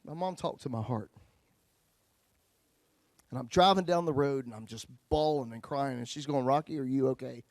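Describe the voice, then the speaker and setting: A man's voice: mid-range voice, moderate pace, pauses often, no echo. Male pastor, testimony sermon, folksy, big dynamic swings, mid voice, dry.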